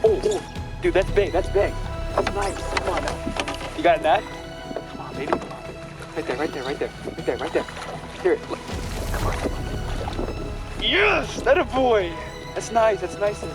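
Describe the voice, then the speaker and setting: A young man talking casually and excitedly while fishing from a boat on a lake, often exclaiming and swearing. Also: high-pitched, normal speed, long pauses. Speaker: vlogger. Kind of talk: casual outdoor fishing vlog. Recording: loud music under the voice.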